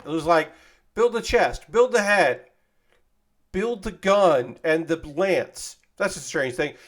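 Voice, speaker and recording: Man, slightly higher pitch, casual livestream chatter, rambling asides, thanks viewers by name. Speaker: streamer building model kits.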